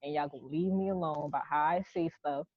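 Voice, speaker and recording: A young Charleston woman with a deep voice talks fast as a co-host on a laid-back podcast, recounting stories bluntly and imitating others when quoting them. There's no echo, though the podcast audio is dull and lo-fi.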